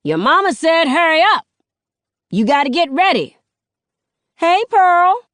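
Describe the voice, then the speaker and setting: A woman doing Nana, a loud sassy grandma. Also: very high-pitched, sing-song, a little slow, no echo, clean studio sound, voice pushed up, heavily acted. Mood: hollering.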